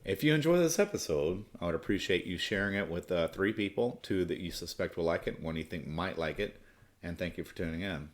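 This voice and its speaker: A man's voice: deep voice, expressive, brisk. A middle-aged American man casually telling a profane, rambling personal story as a podcast host. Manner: crude, profane, rambling with restarts.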